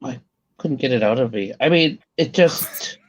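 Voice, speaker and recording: A man's voice: medium pitch, normal speed. A man chatting on a livestream, hesitant and reluctant. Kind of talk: casual chat on a livestream. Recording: dull lo-fi sound.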